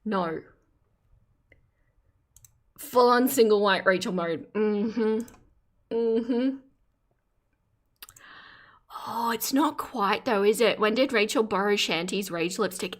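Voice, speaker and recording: Speaking slowly in an expressive mid-range voice, a woman hosts a live reaction stream and comments on a video. She chats casually, giggles and laughs a lot, reads out her chat, and keeps her commentary playful and teasing.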